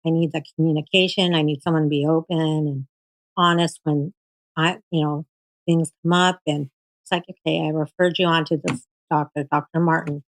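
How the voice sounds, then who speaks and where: A woman with a somewhat low voice talks through her experience in a loose, conversational way. She is animated, leans on fillers, and slips into her doctors' words as she goes. The sound is dry and close. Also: normal speed, no echo, rough recording. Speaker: guest sharing her cancer story. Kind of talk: casual storytelling.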